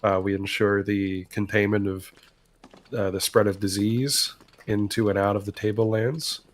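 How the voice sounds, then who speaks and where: A man's voice: lowish voice, steady tone, moderate pace. A man playing a tabletop game, speaking dryly and matter-of-fact. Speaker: player. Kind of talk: tabletop role-play.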